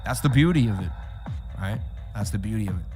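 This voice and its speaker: A man hosting a live trading stream, talking straight to his chat in an animated, repetitive way. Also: lowish voice, a little fast, faint music behind. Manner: animated, repeats himself, talks straight to chat. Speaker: livestream host. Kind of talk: casual livestream chat.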